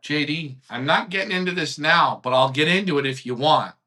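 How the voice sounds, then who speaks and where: A man hosting a live online pigeon club show, ranting heatedly, swearing and swinging from shouts to quiet mutters. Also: fairly high pitch, fairly quick. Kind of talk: heated live-stream rant.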